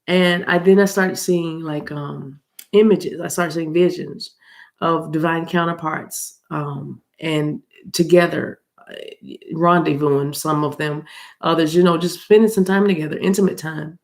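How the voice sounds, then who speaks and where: An American woman doing a casual spiritual card reading, chatty and rambling, with a voice roughened by allergies. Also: low-pitched, steady tone, measured pace, darkish tone. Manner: chatty and rambling, addresses viewers as y'all, laughs often. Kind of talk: casual tarot reading chat.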